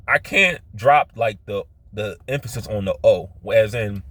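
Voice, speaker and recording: A man with a Philadelphia accent talking casually about himself, halting, with many restarts and fillers. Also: fairly low pitch, bright, forceful tone, no echo. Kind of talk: casual personal monologue.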